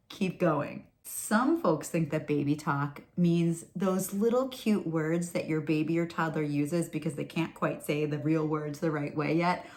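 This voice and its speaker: A woman's voice: sits low, a little mellow. A woman giving a chatty, reassuring talking-head lesson on early language for parents, with questions and asides. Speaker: speech and language educator.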